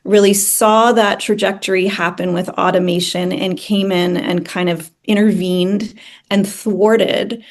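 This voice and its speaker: A woman in an interview, speaking about her work in an earnest, measured way. Her voice sits at an ordinary middle pitch. She tells the story steadily, like someone who has told it before. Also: steady tone. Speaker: founder and CEO, interview guest. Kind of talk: casual interview conversation.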